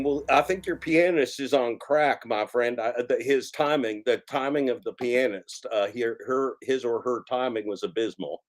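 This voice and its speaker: A man hosting a comic karaoke livestream, rambling and halting, who talks about himself in the third person with mock-grandiose showman patter. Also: mid-range voice, faint music behind. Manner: rambling, halting, restarts mid-phrase. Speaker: karaoke stream host.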